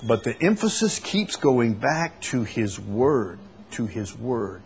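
A man's voice: mid-range voice, very animated, slow, darkish tone, a little hiss or hum. A man leading a church Bible study, preaching emphatically with repeated phrases and rhetorical questions.

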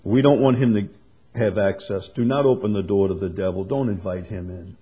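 A man preaching a sermon, swinging from quiet and conversational to loud, emphatic passages. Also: on the low side, fairly even intonation, fairly quick, breathy edge. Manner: builds to loud emphatic preaching, then drops soft. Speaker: pastor.

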